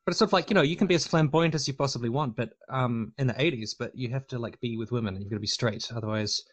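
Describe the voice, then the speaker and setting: A man's voice: medium pitch, fast talker, fairly bright tone. A man talking casually on a discussion panel, rambling with lots of fillers and restarts.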